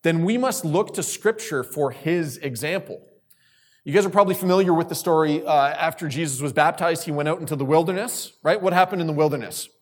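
Man, youth sermon, slightly high voice, repeats phrases, questions to the room. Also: a little fast. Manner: asks questions and calls on listeners; repeats key phrases for emphasis. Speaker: youth speaker.

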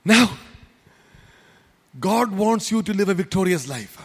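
A man's voice: high-pitched, lively intonation, a little slow, fairly bright tone, breathy edge, long reverb tail. A man preaching a sermon as pastor, emphatic and repetitive, with many rhetorical questions. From India.

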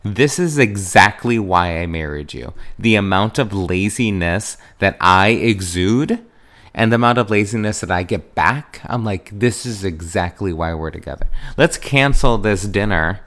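A young man hosts a podcast in loose, rambling chat. His voice sits fairly low, but he often jumps into high, excited tones when he quotes himself. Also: moderate pace. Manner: chatty, animated, leaps into a high excited voice when quoting himself. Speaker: podcast host. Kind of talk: casual chat.

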